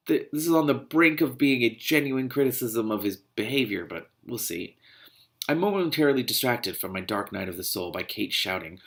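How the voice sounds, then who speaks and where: A man's voice: medium pitch, animated, moderate pace, gravelly, a bit bright. A man reading a novel aloud and breaking off into indignant, exasperated commentary. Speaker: reader and commentator.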